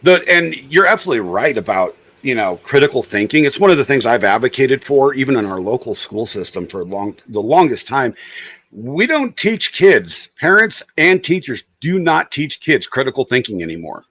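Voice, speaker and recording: A man's voice: mid-range voice, sing-song, a little fast, hardly any pauses, fairly bright tone. A man with a Texan accent chatting casually, frank and exasperated as he tells stories. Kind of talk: casual chat.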